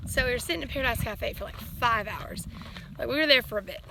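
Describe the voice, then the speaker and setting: A woman's voice: a little high, quick pace, creaky, background noise. A young woman with a Southern accent, telling trail stories in a casual hiking vlog, recorded outdoors on a handheld camera. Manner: chatty storytelling, acts out quotes in her own voice. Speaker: thru-hiker vlogger.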